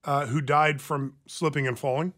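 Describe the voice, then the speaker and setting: A man's voice: fairly high pitch, fairly even intonation, normal speed, fairly bright tone. A man hosting a talk radio show, chatting casually and reading news aloud with asides into a studio microphone.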